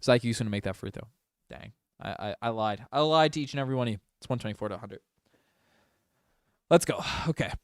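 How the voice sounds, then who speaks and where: A man giving casual, partisan play-by-play on a fan livestream, moving from low mutters to loud excited shouts. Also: fast talker, clear, resonant tone, no room sound, clean studio sound. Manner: excitable, swings from mumbling to shouting. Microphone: desk microphone.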